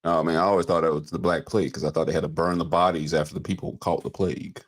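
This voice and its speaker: A man's voice: deep voice, little pitch movement, fast. A man hosting a podcast in easygoing casual chat, leading the conversation into each topic. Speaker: podcast host.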